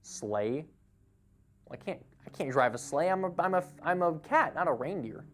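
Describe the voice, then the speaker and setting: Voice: mid-range voice, animated, moderate pace, a little hiss or hum. A live game streamer in casual chat, greeting viewers by name and laughing easily.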